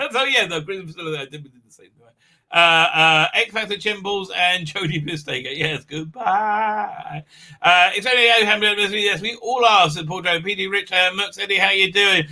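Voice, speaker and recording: A man's voice: high voice, moderate pace, sharp tone. A man with an Israeli accent hosting a casual live stream, rambling and swearing, laughing often and reading viewer comments aloud. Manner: rambling, profane, laughs often, many fillers. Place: home office.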